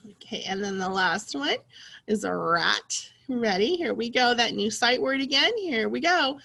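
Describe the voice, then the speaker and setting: In this early reading lesson for young kids, a woman teacher with a slightly high voice talks slowly and clearly. She reads the practice sentences aloud with over-the-top excitement.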